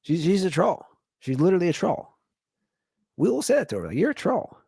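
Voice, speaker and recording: A man in his thirties hosting his own comedy podcast, rambling through a monologue and jumping into high, incredulous exclamations. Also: sing-song, a little fast, gravelly, dark tone, breathy edge, dry recording, studio quality.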